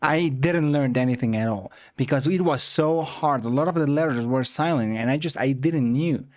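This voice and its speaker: A man's voice: mid-range voice, normal speed, dry recording, studio quality. A man from Mexico, a streamer chatting casually while reacting to videos.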